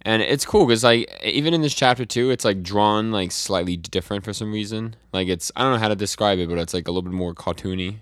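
Podcast co-host, male, very low voice, dead-dry close mic, relaxed recap of comics. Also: quick pace, hardly any pauses, dry recording. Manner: reads out comic dialogue in a flat retelling, with fillers and restarts. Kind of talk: casual chat recapping comics.

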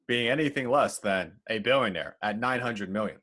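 A man's voice: on the low side, expressive, moderate pace, few pauses, bright, forceful tone. A man co-hosting a podcast, running through the news in a casual chat with fillers and asides. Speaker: podcast co-host.

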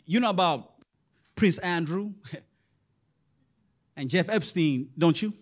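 A man preaching a sermon in a very high voice. He talks to the congregation in a lively, sing-song way and chuckles between points, with quick call-outs to the crowd. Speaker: pastor.

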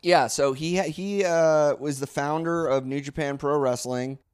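A man's voice: on the high side, measured pace, a little mellow, clean tone, no echo, clean studio sound. A man co-hosting a casual podcast, explaining history in a rambling way with many fillers and restarts. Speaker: podcast co-host. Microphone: close podcast mic.

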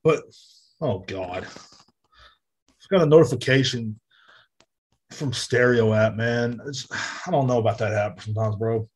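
A man's voice: medium pitch, measured pace, pauses often, breathy edge. A man, hosting a podcast in a heated, profane solo rant. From Texas. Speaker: podcast host. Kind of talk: casual monologue.

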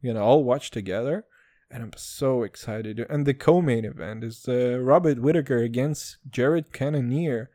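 A young man from Israel hosting a casual solo podcast, rambling and swearing, with jumps in pitch. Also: moderate pace, mellow, dry recording. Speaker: podcast host.

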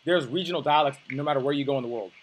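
A man's voice: a little high, very fast, slightly rough. A young man coaching on dating, talking bluntly and casually, with profanity and many restarts.

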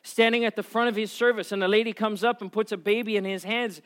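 High-voiced male pastor preaching. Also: fast talker, smooth. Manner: prayerful, then animated storytelling. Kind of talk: sermon.

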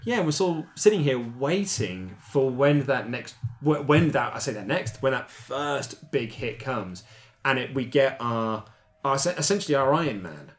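A man's voice: medium pitch, animated, a little slow. A man hosting a casual podcast chat, laughing often and restarting his sentences. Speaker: podcast host and author.

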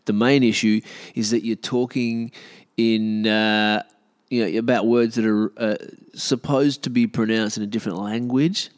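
A man's voice: on the low side, fairly even intonation, measured pace. A man with an Australian accent, talking casually in a rambling, self-deprecating way with many fillers and restarts. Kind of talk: casual monologue.

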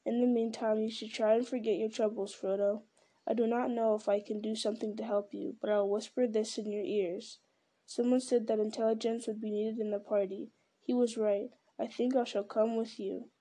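A woman voicing a stern, wise old male wizard in a measured, commanding read. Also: on the high side, level tone, warm tone.

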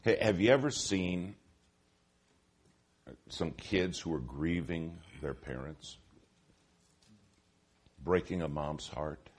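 A man preaching a sermon in an auditorium, telling stories with lively swings from hushed to loud. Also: deep voice, slow, pauses often, slightly rough. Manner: animated storytelling, shifting from hushed to loud.

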